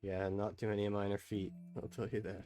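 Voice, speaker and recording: A man's voice: lowish voice, little pitch movement, a little fast. A man co-hosting a casual podcast livestream, teasing with dry jokes and laughing often. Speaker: podcast co-host. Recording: music playing behind the voice.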